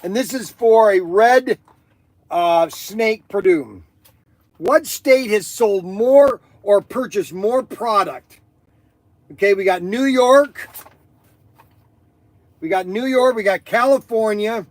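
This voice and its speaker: High-voiced rambling live-stream host, a man. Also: slow pace, long pauses. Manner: rambling, excitable, many fillers. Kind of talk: casual live-stream chat.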